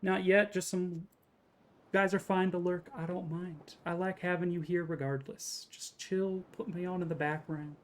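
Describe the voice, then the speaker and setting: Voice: medium pitch, fairly even intonation, normal speed. A game streamer chatting casually and jokingly with viewers during a live stream. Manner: chatty, jokey, greets viewers.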